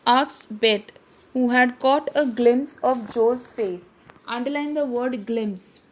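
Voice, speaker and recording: A woman teacher, Indian English accent, takes things slowly in a slightly high voice. During her online literature lesson she reads a story aloud and gives vocabulary instructions, often repeating phrases and restarting.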